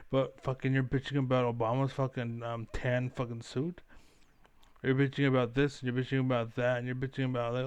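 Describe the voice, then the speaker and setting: A man in a gaming live stream keeps up a rambling, profane rant over the play. His voice is smooth and resonant at an ordinary pitch, and it is caught close on a mic with no room around it. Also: flat delivery, moderate pace, dry recording.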